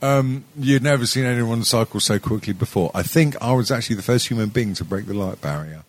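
A man's voice: medium pitch, brisk, no room sound. A young man co-hosting a podcast, telling stories in a rambling, sweary way, full of stammered restarts and laughing at his own jokes. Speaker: podcast co-host. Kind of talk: casual sweary chat.

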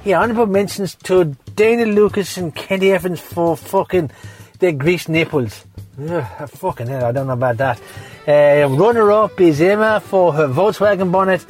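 A man's voice: high-pitched, normal speed, a little mellow, soft background music. A drunk man with an Irish accent rambling through a foul-mouthed sign-off as a podcast co-host. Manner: heavy swearing, slurred and rambling.

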